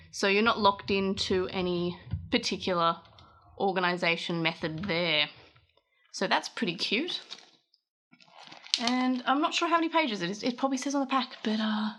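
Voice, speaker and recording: A woman's voice: mid-range voice, pushed and bright, slight background noise. An Australian woman talking casually through an unboxing for her vlog, rambling a little and correcting herself as she goes. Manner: rambling, self-correcting, chatty. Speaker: vlogger.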